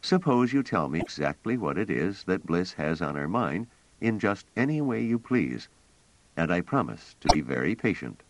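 A man voicing a blunt, direct younger man who is impatient but trying to stay calm. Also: sits low, normal speed, slight background noise. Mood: wry. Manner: direct, terse.

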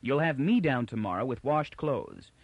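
A man's voice: mid-range voice, big pitch swings, normal speed, slightly rough, dry recording, lo-fi sound. A man voicing a decisive, bossy young woman who scolds and fusses in a caring way. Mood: scolding.

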